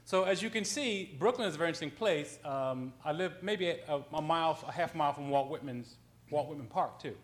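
A man's voice: a little high, fairly quick, hardly any pauses. Man telling a street anecdote. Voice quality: conversational, with frequent ums and self-corrections. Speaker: writer on a panel. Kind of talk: storytelling anecdote on a panel.

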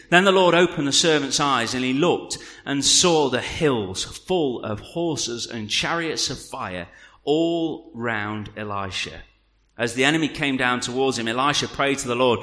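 Man, preacher, sermon, scripture reading, joking asides, bright voice, long hall reverb. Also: medium pitch, measured pace. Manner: jokey, animated asides to the congregation. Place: church hall.

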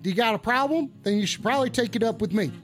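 A man's voice: very high voice, very fast, faint music behind. A man hosting a call-in show as a profane, rambling cowboy, hollering and ranting. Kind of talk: rowdy comedic rant.

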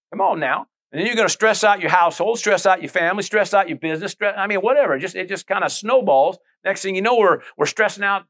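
A man's voice: high-pitched, a bit bright. Conversational male pastor preaching. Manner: conversational preaching with many asides and repetitions. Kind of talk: sermon.

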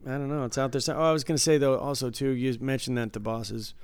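A man's voice: mid-range voice, steady tone, quick pace, clear, resonant tone, no room sound. A man in his forties co-hosting a podcast, easygoing and agreeable, laughing along. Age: 40s. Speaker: podcast co-host. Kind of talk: casual podcast banter.

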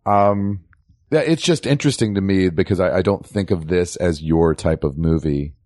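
A man co-hosting a casual movie podcast, relaxed and a little hesitant. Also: low-pitched, moderate pace, dry recording, studio quality. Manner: lively, relaxed, hesitant with fillers. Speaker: podcast co-host.

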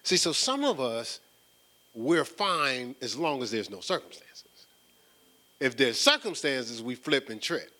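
Male preacher, bright forceful tone, casual slangy Bible teacher who gets fired up. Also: medium pitch, measured pace. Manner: animated, repeats words, builds in excitement; casual, slangy street-style phrasing. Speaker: preacher leading a Bible study. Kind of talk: conversational sermon.

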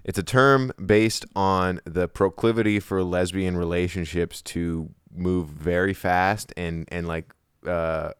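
Deep-voiced young man, rambling crude chat. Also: steady tone, slow, few pauses, clear, resonant tone, dry recording, studio quality. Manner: rambling, crude, many restarts and fillers. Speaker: podcast co-host. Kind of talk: casual chat.

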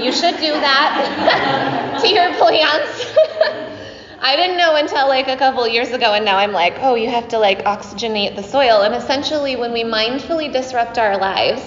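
A woman's voice: on the high side, slight background noise. A middle-aged woman, a yoga teacher, giving a chatty dharma talk to her class, laughing often and using many fillers. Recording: dull echoey hall recording.

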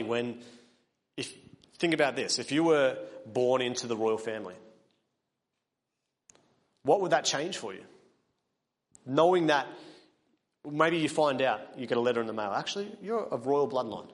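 A man delivers a sermon in a church hall, his mid-pitched voice carrying a long reverberant tail. He preaches earnestly, pushing up to emphatic peaks before dropping back quiet. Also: animated, moderate pace, pauses often. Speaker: pastor.

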